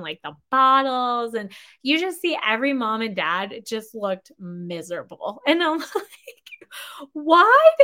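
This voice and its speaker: A woman's voice: a little high, fairly bright tone. A woman in her thirties, a podcast host, telling a story in a casual, rambling way and laughing often.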